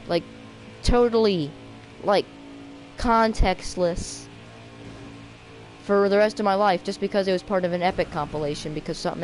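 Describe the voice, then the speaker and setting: A woman giving rambling, self-mocking commentary while playing a racing game, with sudden excited outbursts. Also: mid-range voice, poor audio. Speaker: gaming video creator. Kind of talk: rambling let's-play commentary.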